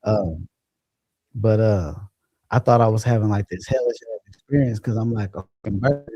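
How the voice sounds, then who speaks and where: A man's voice: fairly low pitch, moderate pace, warm tone, breathy edge, no echo, highs cut off. A man hosting a casual livestream, chatting loosely and profanely and laughing as he reads viewer comments. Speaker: livestream host. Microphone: phone or computer mic.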